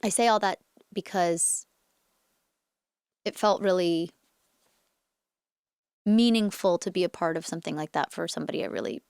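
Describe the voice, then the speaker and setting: A woman in her thirties, an actress being interviewed, chatting in an animated way with lots of filler words. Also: lowish voice, normal speed, gravelly, pauses often, clear, resonant tone, no echo, studio quality. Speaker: actress guest. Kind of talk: casual interview chat.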